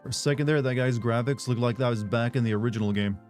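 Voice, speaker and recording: A man's voice: mid-range voice, fast talker, a little mellow, faint music behind. A man streaming a video game, chatting casually with viewers in a rambling, filler-heavy way with frequent swearing. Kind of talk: casual live stream chat.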